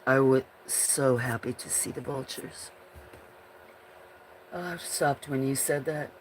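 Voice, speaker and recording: On her casual livestream, this host chats with viewers in a rambling way and breaks into giggles often. Her voice is extremely low and slow, and there's a little hiss or hum.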